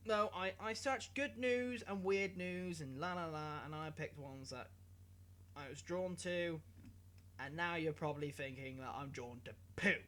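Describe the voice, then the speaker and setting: A man's voice: fairly high pitch, unhurried, a little hiss or hum. A young man hosting a comic news vlog, rambling and giggling as he mocks himself and swears casually. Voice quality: giggly, animated, self-mocking, swears casually. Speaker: YouTube host.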